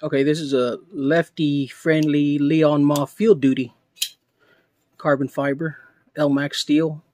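A man narrating an unboxing of knives he was gifted, talking slowly, with excited, awestruck exclamations. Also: a little high, dry recording. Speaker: knife collector vlogger.

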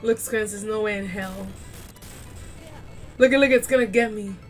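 A woman chatting excitedly while playing a video game, often shrieking and laughing. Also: medium pitch, normal speed, faint music behind. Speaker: gamer playing on stream. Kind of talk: casual gaming commentary.

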